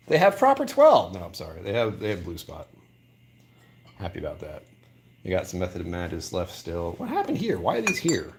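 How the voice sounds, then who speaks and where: A man's voice: sits low, a little hiss or hum. A man hosting a casual live vlog from a whiskey store aisle, thinking aloud and laughing often. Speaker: whiskey channel host.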